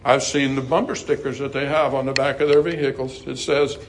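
A man preaching a sermon in a folksy, earnest way, rising to loud emphasis and dropping to hushed asides. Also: mid-range voice, level tone, a little fast, slight background noise.

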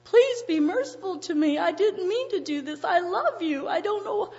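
A remorseful man begs for forgiveness in a high, tearful, pleading voice, as a woman preacher puts him on. The sound is dull and lo-fi, and a long reverb trails behind each phrase in a large hall. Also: expressive, moderate pace, darkish tone.

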